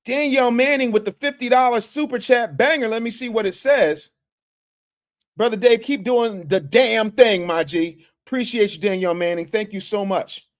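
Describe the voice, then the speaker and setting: A livestream host with a high-sitting voice talks at a moderate pace, addressing his chat casually in slang. He reads super chats aloud from his office.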